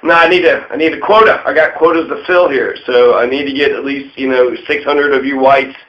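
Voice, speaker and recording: A man's voice: medium pitch, fairly even intonation, a little fast, lo-fi sound, close to an everyday voice. A man voicing a cruel, greedy male slave trader who boasts about filling quotas. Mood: callous.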